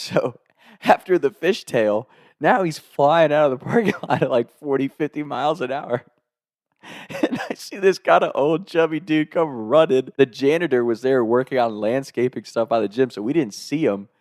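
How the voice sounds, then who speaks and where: A man's voice: medium pitch, normal speed, a little mellow, no room sound, clean studio sound. A young man telling a casual, comic anecdote, laughing often through his own story and swearing freely.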